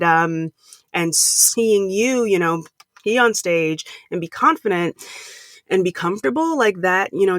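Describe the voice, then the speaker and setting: A woman's voice: on the low side, a bit bright, dry recording, studio quality. A woman speaking as a podcast guest in casual conversation, stuttering often and repeating first sounds before words. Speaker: podcast guest, empathy consultant.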